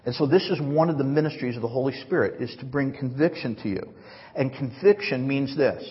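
A man's voice: mid-range voice, a little fast, breathy edge. A male pastor preaching a sermon in a large church hall, earnest and conversational, often acting out quoted lines. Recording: reverberant, dull lo-fi hall recording.

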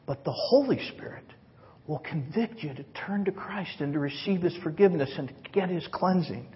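A man preaching a sermon, his voice very husky and pitched a bit high. He talks in an earnest, conversational way. The sound rings with a long hall reverb and comes across dull and lo-fi. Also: lively intonation, normal speed. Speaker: pastor.

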